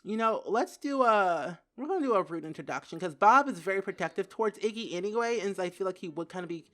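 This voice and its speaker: A young woman giving casual gameplay commentary who giggles, gets excited and says "like" a lot. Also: medium pitch, quick pace. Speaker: gaming video creator.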